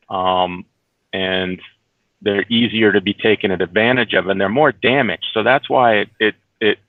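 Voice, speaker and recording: A man's voice: lowish voice, no room sound. A man being interviewed as a documentary producer, talking earnestly with frequent restarts and repeated words, heard over a phone. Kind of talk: casual remote interview. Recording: tinny phone line, dry.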